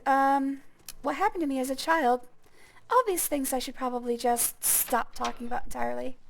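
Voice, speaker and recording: A woman with a high, light voice talks through a let's-play. Her commentary is loose and rambling, full of crude jokes and silly tangents. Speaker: gaming streamer.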